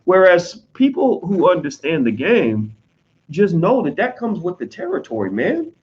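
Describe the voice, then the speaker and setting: A man with an American accent talking casually to his audience, blunt and profane, slipping into quick mimicry of other people. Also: sits high, wildly swooping pitch, a little mellow, muffled recording. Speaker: online commentator on business. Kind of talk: casual unscripted monologue.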